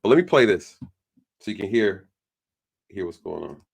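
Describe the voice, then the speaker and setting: A man's voice: fairly low pitch, very animated, moderate pace, gravelly, husky. A man doing casual online commentary, ranting in an exasperated, irritated way to his viewers. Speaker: YouTube commentator.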